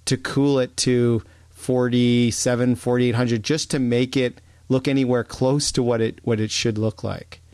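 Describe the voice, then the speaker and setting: A man in relaxed podcast chat about photography, speaking haltingly and repeating words as he gathers his thoughts. His voice sits in a middle pitch and sounds dry, with no room echo. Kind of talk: casual chat.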